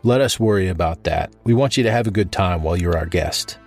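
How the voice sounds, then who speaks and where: A man reading a story, voicing a polite, calm man from the future who speaks in a courteous, reassuring way. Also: low voice, brisk, soft background music.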